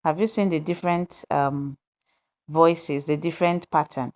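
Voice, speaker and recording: A woman with a low voice talks through a tutorial slowly and deliberately, one step at a time. She pauses with small fillers as she goes. The recording sounds slightly dull and lo-fi. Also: steady tone, a little mellow. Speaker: tutorial host. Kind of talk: screen-recorded software tutorial narration.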